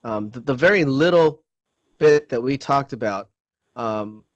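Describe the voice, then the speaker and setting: A man hosts a casual online interview at a mid pitch. He speaks in a friendly way but often stops and restarts his sentences. The sound is dry and close, with no room echo. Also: lively intonation, unhurried. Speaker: interview host.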